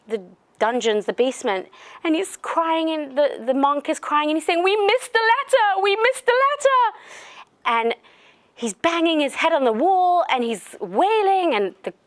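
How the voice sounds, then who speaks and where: Animated woman giving a talk on faith. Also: high voice. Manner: conversational, animated storyteller. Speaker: religious lecturer. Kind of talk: lecture with storytelling.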